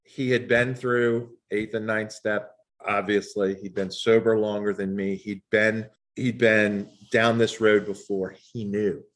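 A man sharing his own story at a group meeting, lively and animated in the telling. His voice leaps up high whenever he quotes someone, then drops back into an easy, mid-range speaking voice. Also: measured pace. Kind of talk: personal recovery story told to a group.

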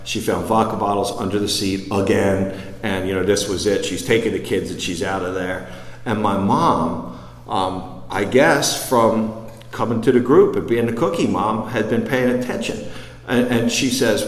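A man sharing a personal recovery story with a group, rambling, full of quick asides. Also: on the low side. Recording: echoey hall.

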